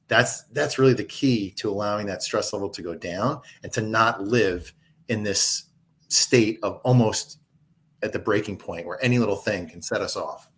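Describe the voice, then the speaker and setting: Calm low-voiced man coaching. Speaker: guest. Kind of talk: conversational interview. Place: home.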